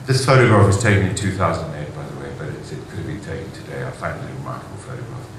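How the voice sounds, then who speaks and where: A man's voice: a bass voice, racing. A man giving an enthusiastic conference keynote speech in a large hall, telling stories with rhetorical asides. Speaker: conference speaker. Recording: very echoey hall, faint noise.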